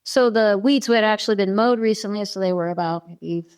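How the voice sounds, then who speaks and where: A woman who is a podcast guest, telling a personal story in an animated way with many fillers. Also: mid-range voice, fairly quick, smooth. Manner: animated, many fillers, acts out quoted dialogue.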